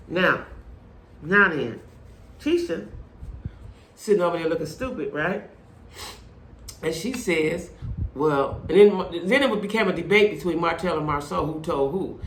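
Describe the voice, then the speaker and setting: A middle-aged woman, recapping a reality show in blunt, animated, profane casual commentary. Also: on the low side, normal speed, long pauses. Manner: animated, blunt, swears freely. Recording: echoey room with faint noise.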